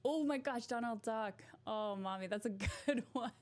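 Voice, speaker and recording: A woman's voice: fairly high pitch, moderate pace. Giggly woman chatting on a livestream. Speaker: livestream host. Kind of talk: casual livestream chat.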